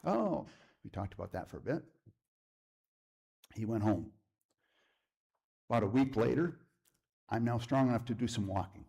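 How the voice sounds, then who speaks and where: Guest preacher, middle-aged man, mid-range husky voice, lively storyteller who drops to a hush for the point. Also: mid-range voice. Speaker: guest speaker. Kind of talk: sermon testimony. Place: church.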